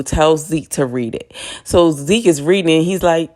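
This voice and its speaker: A woman's voice: low-pitched, expressive, normal speed, a little mellow. A woman hosting a casual TV recap, blunt and profane, laughing often as she talks. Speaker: TV recap host.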